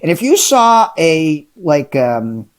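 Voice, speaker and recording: This interview guest, a middle-aged entrepreneur, takes his time telling his story, his voice on the high side. He stays lively and excited throughout the casual conversation, performing the dialogue as he narrates.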